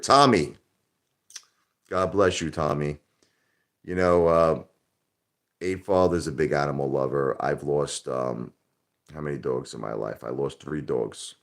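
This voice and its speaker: A man hosting a live stream in casual, rambling talk, joking loudly at times and turning quiet and somber at others. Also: very deep voice. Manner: loud, joking, rambling, swings into soft somber tones.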